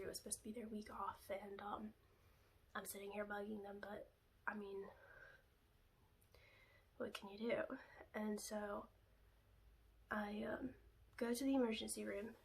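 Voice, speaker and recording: A young woman vlogger telling a personal story in a chatty, confiding way, full of "like" and "you know," sometimes dropping to a hushed whisper. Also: mid-range voice.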